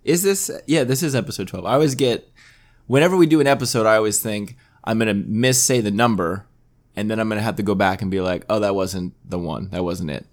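A man's voice: on the low side, a little fast. A young man hosting a podcast with his mother, chatting casually and playfully needling her. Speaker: podcast host. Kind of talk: casual chat.

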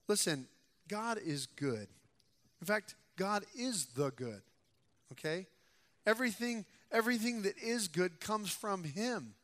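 A young man preaches a relaxed, talky sermon in a church, his high, bright voice ringing through a long hall reverb. He swings between casual asides and loud, declaiming scripture readings. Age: young adult. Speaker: pastor. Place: church sanctuary.

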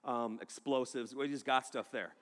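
A man's voice: medium pitch, moderate pace. A man preaching to a congregation, telling a story with jokes and acting out the people in it. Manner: animated, joking storyteller who acts out the people in his story. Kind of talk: sermon with storytelling. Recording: long hall reverb.

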